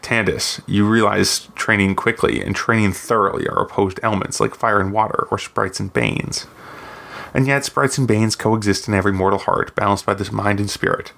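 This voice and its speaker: A man reading aloud, voicing a shrewd imperial woman governor in a smooth, probing manner. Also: lowish voice, steady tone, moderate pace, a bit bright. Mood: pressing. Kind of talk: audiobook reading.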